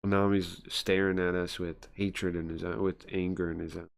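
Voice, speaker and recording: A man's voice: sits low, level tone, moderate pace, vocal fry. A man casually narrating a story game aloud as a streamer, rambling and chatty with lots of fillers.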